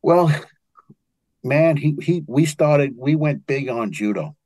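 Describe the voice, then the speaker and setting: A man with a fairly high, slow voice and no echo in the audio tells martial arts stories as an interview guest. Older and New York-accented, he's an animated storyteller who acts out quotes in this storytelling interview.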